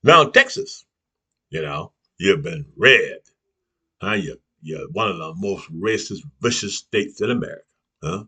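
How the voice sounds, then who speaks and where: A man's voice: low voice, very animated, measured pace, bright, forceful tone, husky. A man giving an impassioned political rant to camera as a YouTube commentator, preachy and name-calling, who keeps tossing in "huh?" and "you see what I'm saying".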